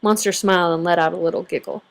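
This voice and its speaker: A woman reading a children's picture book aloud with an expressive, varied storytelling delivery. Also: fairly low pitch, quick pace. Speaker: storybook reader.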